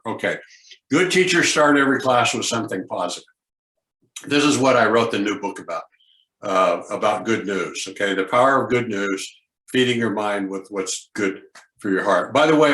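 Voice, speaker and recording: An older man, a former teacher, giving a conference talk and telling classroom stories, acting out his students' lines as he goes. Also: fairly low pitch. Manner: lively storyteller, acts out students' lines. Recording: echoey room.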